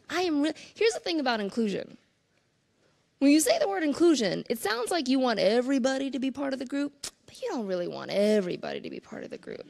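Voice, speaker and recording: A woman's voice: fairly high pitch, vocal fry. A woman giving a conference talk on stage, telling stories with playful asides and quoted exchanges. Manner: animated storytelling with playful asides. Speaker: conference speaker.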